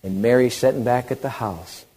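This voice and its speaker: A man preaching a sermon, animated, moving between loud emphatic passages and hushed, quiet ones. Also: medium pitch, moderate pace, husky.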